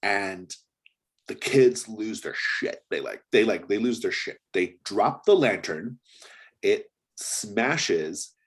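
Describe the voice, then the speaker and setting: A man narrating a tabletop role-playing game as game master, relaxed and chatty, laughing often and using lots of fillers. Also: fairly low pitch, slow pace, slightly rough.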